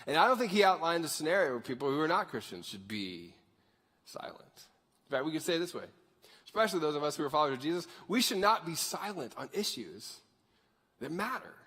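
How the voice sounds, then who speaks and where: Man preaching, high voice, very lively pitch, casual jokey sermon, long hall reverb. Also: husky. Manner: animated, conversational, jokey. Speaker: pastor. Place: church sanctuary.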